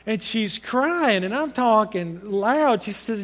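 A man's voice: high voice, expressive, takes it slowly, hardly any pauses, a bit bright, in a large hall. A man preaching a sermon, speaking in an earnest, conversational storytelling way with frequent restarts.

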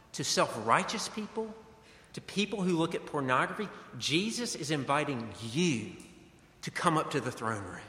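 Bright-voiced preacher man in an echoing hall. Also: fairly high pitch. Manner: earnest, conversational preaching. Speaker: pastor. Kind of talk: sermon. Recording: echoey hall with long reverb.

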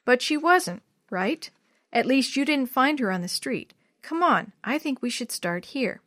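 A woman's voice: sits high, expressive, measured pace, a bit bright, no echo, clean studio sound, pitched above the performer's own voice, full character voice. A woman voicing an eager, bossy young schoolgirl who plays detective, chirpy and upbeat.

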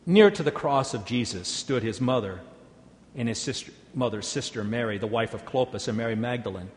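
A man giving a measured, solemn scripture reading. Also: mid-range voice, animated. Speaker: scripture reader. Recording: long hall reverb.

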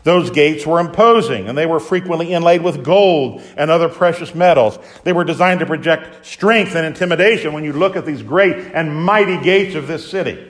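A man preaching a sermon with dramatic swings between loud exclamations and hushed asides, acting out the voices of biblical characters. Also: fairly high pitch, normal speed, hardly any pauses.

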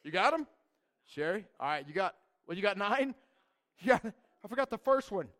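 A young man, a church youth leader, telling a rambling, animated story to a group and saying man and dude a lot. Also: sits high, moderate pace.

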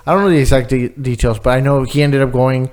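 A man's voice: mid-range voice, steady tone, quick pace, a little mellow. A man chatting casually, telling stories with lots of swearing and acted-out quotes. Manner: swearing, storytelling with quoted voices. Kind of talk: casual chat.

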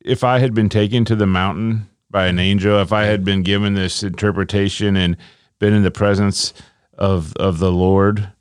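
An emotional man in a casual scripture discussion, with a low voice. He exclaims readily and stumbles over his first words. The recording is dry and close in a small room. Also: steady tone, normal speed, clear, resonant tone, no echo. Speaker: podcast co-host discussing scripture.

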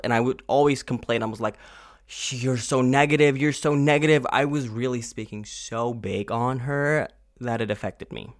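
A man's voice: medium pitch, fairly bright tone, no room sound, clean studio sound. Rambling, swearing young man venting. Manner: rambling, swearing, repeats "you get me?". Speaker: vlogger. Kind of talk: casual confessional monologue.

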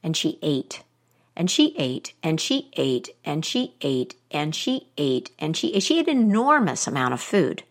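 A woman telling a folk tale aloud, expressive, with dramatic pauses. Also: deep voice. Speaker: storyteller.

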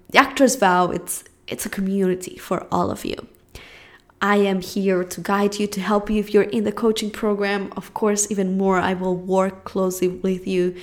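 Young accented woman, solo podcast host; warm-hearted coaching tone, earnest and animated. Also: medium pitch. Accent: non-American. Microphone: podcast mic.

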